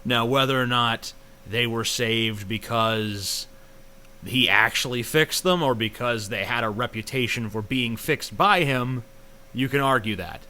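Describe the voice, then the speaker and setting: Profane rambling man ranting, bright clear voice. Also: mid-range voice, unhurried. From United States. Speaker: video reviewer. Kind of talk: casual ranting review.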